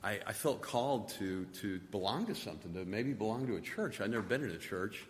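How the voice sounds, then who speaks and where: A middle-aged man giving a personal testimony, halting and soft-spoken, often repeating his words. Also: lowish voice, expressive. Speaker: testimony speaker. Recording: long hall reverb, faint noise.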